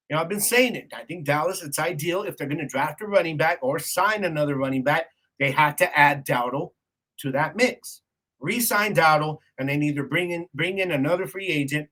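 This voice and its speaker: A young man hosts a sports podcast solo, ranting in a casual way and laughing at his own jokes. His voice sits high and rings bright and forceful. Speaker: podcast host. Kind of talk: casual sports talk monologue.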